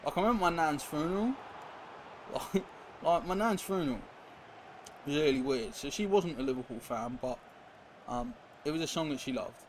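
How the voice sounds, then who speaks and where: A slightly high-voiced young man talks at a moderate pace and pauses often as he streams football. It's casual, rambling gaming chat in response to viewers and play, with noisy hiss in the background.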